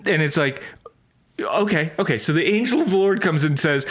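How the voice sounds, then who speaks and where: Guy co-hosting a podcast, reads scripture then jokes around about it, kinda higher voice. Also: animated, moderate pace, fairly bright tone. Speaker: podcast co-host. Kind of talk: casual chat and Bible reading.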